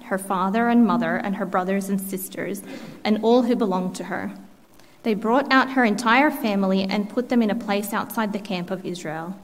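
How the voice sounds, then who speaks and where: Female reader, mid pitch, steady Bible reading; church hall reverb. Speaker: scripture reader.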